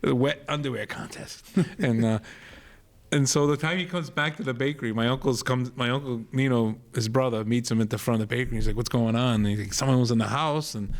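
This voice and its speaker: A middle-aged man with a Rhode Island accent who spins a rambling family tale on a podcast. His voice sits at an ordinary middle pitch, and he keeps doubling back and breaking into the voices of the people in the story. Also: brisk. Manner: rambling, animated storyteller acting out quoted voices. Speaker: podcast co-host, comedian. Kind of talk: storytelling in casual chat.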